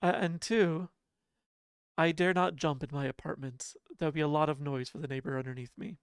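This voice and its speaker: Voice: mid-range voice, fairly even intonation, a little fast, smooth, no echo, studio quality. A livestreamer chatting casually with viewers from home, laughing often and poking fun at themselves. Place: home apartment.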